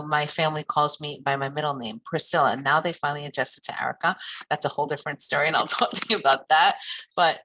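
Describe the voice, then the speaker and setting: A woman's voice: low-pitched, sharp tone, rough recording. A woman social worker talking heartfelt and personal in a candid interview.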